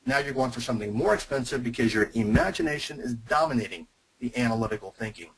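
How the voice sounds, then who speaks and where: A man runs a teaching webinar on persuasion, his voice a little husky at an ordinary middle pitch. He makes his points emphatically, in short, punchy lines. He speaks directly to the people listening on the call. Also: quick pace, fairly bright tone, rough recording.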